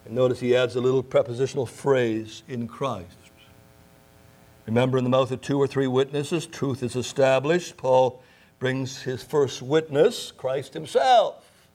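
A man's voice: medium pitch, a little slow, darkish tone. A man preaching a sermon, emphatic, repeating key phrases and asking rhetorical questions. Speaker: pastor.

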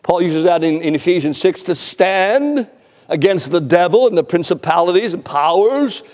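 A man's voice: sits high, expressive, normal speed, darkish tone, big-room sound. A man preaching an expository sermon, emphatic, repeating words for stress and often stammering on the first word.

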